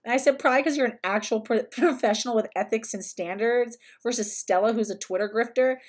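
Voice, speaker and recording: A woman's voice: fairly high pitch, fairly quick. Chatty woman hosting a livestream. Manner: chatty, sarcastic, frequent "like" fillers. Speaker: livestream host. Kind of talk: casual livestream commentary.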